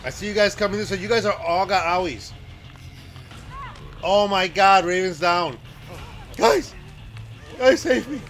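A man streaming a horror game, reacting with loud exclamations and frequent laughter. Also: sits high, lively intonation, measured pace, pauses often, soft background music, poor audio. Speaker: livestreamer. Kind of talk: excited gameplay commentary.

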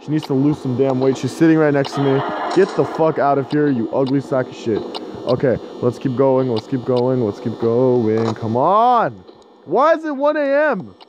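A man giving casual gameplay commentary at home, cursing and getting frustrated as he shouts at the game. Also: medium pitch, lively intonation, normal speed, noisy background. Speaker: gaming video host.

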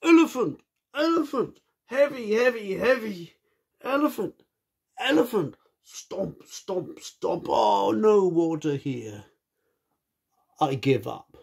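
A man's voice: very animated, slow, creaky, breathy edge, heavily acted. A man voicing a big, heavy male elephant in a storybook, chanting rhythmically as he stomps. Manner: rhythmic chanting, high and loud.

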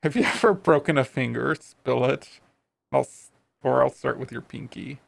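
A man reading a raccoon private detective in a noir video game, low and clipped, threatening when he questions people. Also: moderate pace, vocal fry, dry recording. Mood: menacing. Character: gruff raccoon private detective, menacing male.

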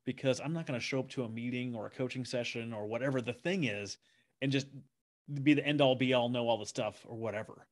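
A man hosts a podcast in a mid-range voice. He is relaxed and conversational, sharing stories casually and chuckling along with his guest. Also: mid-range voice, quick pace. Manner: relaxed, chatty, laughs easily. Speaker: podcast host. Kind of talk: casual interview talk.

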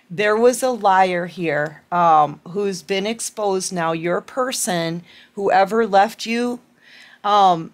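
Woman, tarot reader, mid-pitched voice; warm, affectionate, rambling delivery to her viewers. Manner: chatty and affectionate, addresses viewers as darlings; rambling with many fillers and repeats. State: out of breath. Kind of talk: collective tarot reading.

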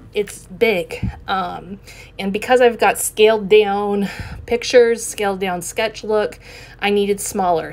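Woman narrating a relaxed craft tutorial. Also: medium pitch. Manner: relaxed, explanatory, with frequent ums. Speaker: scrapbooking video host.

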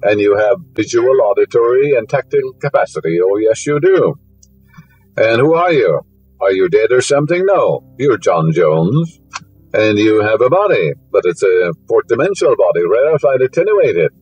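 A man's voice: on the low side, sing-song, moderate pace, darkish tone, muffled recording, faint music behind. A man giving a spiritual lecture, full of fillers, whose voice rises sharply on key words. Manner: rambling, fillers, rising emphasis on key words.

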